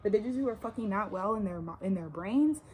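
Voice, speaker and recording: A woman's voice: mid-range voice, expressive, fairly quick, a little mellow, slight background noise. A woman in her twenties from Texas, ranting emphatically in a casual, profane, slang-heavy monologue outdoors by a suburban yard. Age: 20s. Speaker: vlogger. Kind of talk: casual spiritual rant.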